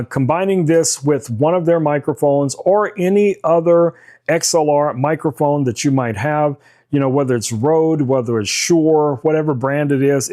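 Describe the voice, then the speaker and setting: Male host for a relaxed studio gear demo, warm mellow voice, speaks with frequent fillers. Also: medium pitch. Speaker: tech reviewer host. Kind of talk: casual product demo. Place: home studio.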